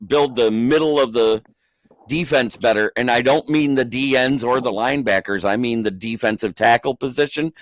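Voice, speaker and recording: A man's voice: mid-range voice, moderate pace, no echo, poor audio. A man breaking down football tactics in a casual sports podcast chat. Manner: analytical, lays out football reasoning. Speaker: podcast co-host.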